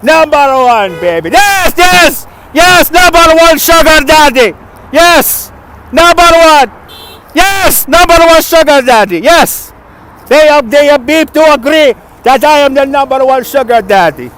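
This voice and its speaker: A man putting on a comic voice of a loud, boastful sugar daddy with a mock accent, shouting drawn-out boasts. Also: very high-pitched, expressive, noisy background, pitched above the performer's own voice.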